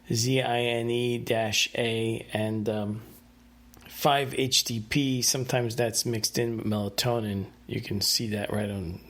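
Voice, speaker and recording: Man, solo podcast host, mid-pitched, casual and rambling, lots of ums and restarts. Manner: rambling, hesitant, many fillers and restarts.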